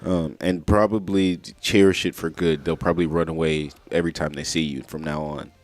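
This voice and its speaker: A man's voice: extremely low pitch, steady tone, moderate pace. A man co-hosting a morning radio show, reading a playful list and joking casually with his partner. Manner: laid-back, joking, chuckles often. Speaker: radio co-host.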